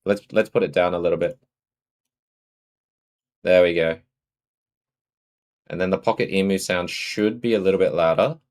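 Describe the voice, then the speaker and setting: Aussie guy streaming, chatty, greets everyone, a bit low-pitched. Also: fairly even intonation, moderate pace, long pauses, darkish tone. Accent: Australian. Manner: chatty, greets and answers viewers. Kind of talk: casual live-stream chat.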